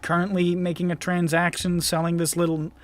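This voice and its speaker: High-voiced man running a tabletop game. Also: completely flat delivery, fairly quick. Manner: laughs often, acts out passersby. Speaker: game master.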